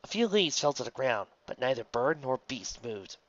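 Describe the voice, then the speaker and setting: A wry, animated reader narrating a fan story aloud, on a dull lo-fi recording. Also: medium pitch, moderate pace.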